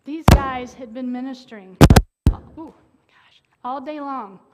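High-voiced woman preaching in a reverberant hall. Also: unhurried, dull audio, heavy background noise. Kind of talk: sermon. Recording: long reverb of a large hall.

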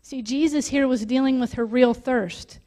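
A woman preaching a sermon, reading scripture aloud and stopping to explain it, growing louder on key points. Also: high voice, fairly even intonation, moderate pace. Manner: reads scripture aloud and breaks off to explain it, rising with emphasis.

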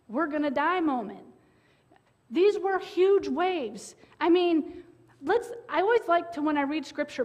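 A woman with a high voice delivers a sermon in a church sanctuary. She tells the story with animated energy, acting out panicked shouts and then dropping to near-whispers. Her voice rings with the long reverb of a large hall. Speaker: preacher.

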